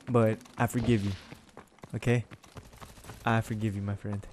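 A man's voice: on the low side, flat delivery, normal speed, pauses often, a little hiss or hum. A man giving casual gameplay commentary, playfully taunting and trash-talking his opponents. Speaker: gaming channel host. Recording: loud game gunfire behind voice.

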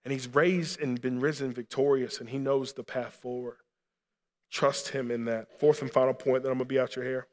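A male pastor delivers a sermon at a mid-range pitch, his voice carrying a long reverb through a church hall. He talks earnestly and pleads more strongly as he goes on. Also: little pitch movement, moderate pace. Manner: earnest preaching, rising to impassioned appeals. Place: church sanctuary.

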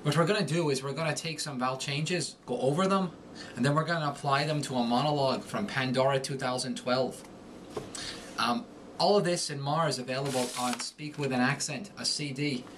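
Brief: man in a mid-range voice, calm accent coach, walks through examples step by step. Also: medium pitch, fairly quick, a little hiss or hum. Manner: clear, methodical explaining. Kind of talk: instructional lesson.

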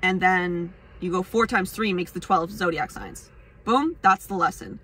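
A woman's voice: lowish voice, measured pace, fairly bright tone, slight background noise. A young woman casually explaining astrology to camera, rambling, laughing often, swearing freely and poking fun at herself. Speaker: astrology vlogger.

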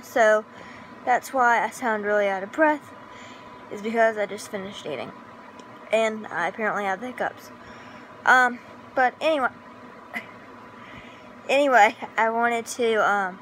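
Woman, vlogger, casual chat, rambling, giggly, high-ish, bright. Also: slow pace, long pauses, a little hiss or hum, rough recording. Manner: rambling, self-correcting, giggly.

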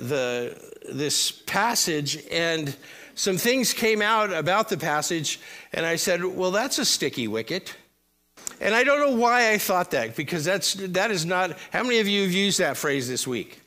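Bright-voiced joking pastor. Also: male voice, fairly high pitch. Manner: chatty, joking asides to the congregation. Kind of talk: sermon. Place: church service before a congregation.

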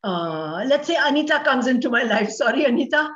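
An Indian English woman delivers a motivational talk as a guest speaker, with a high, ringing voice. She speaks with dramatic emphasis and slips Hindi phrases into her English. The audio is roomy and echoey, with a muffled, lo-fi quality. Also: expressive, fairly quick, a bit bright.

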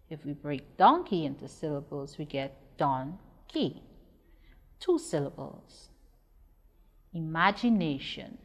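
A woman teacher giving a broadcast lesson to children, speaking slowly and spelling words out letter by letter. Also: lowish voice. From Guyana. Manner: slow, deliberate, spells words letter by letter and drills syllables. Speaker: primary school teacher. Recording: long reverb.

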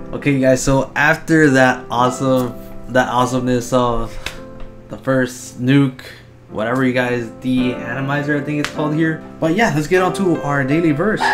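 A young man with a medium-pitched voice hosts a gameplay video, giving excited commentary. He chatters nervously and shouts when he wins.

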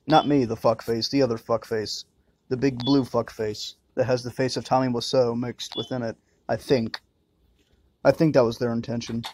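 A man's voice: mid-range voice, flat delivery, moderate pace, darkish tone, slight background noise. A man doing crude, joking commentary while playing a horror game, muttering and swearing to himself. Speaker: let's-play gamer.

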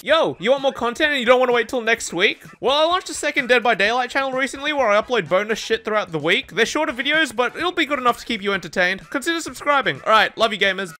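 A man's voice: very high-pitched, animated, quick pace, few pauses, pushed and bright. A man giving casual gameplay commentary, teasing opponents with slang and frequent laughter. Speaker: gaming YouTuber.

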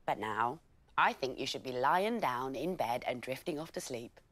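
A woman presenting a bedtime story for children, reading it aloud gently and expressively. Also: rumbling low, animated, normal speed, no echo.

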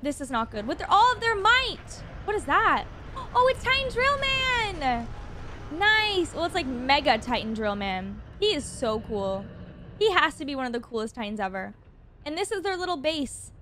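Very high-pitched excitable woman reacting. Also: normal speed, background noise. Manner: excitable, gasps often, talks to viewers. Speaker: reaction video host.

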